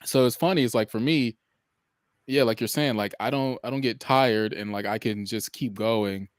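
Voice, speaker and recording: A young man co-hosting a podcast, chatting in a relaxed, rambling way with many fillers. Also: medium pitch, normal speed, no room sound, studio quality. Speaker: podcast co-host. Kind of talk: casual chat.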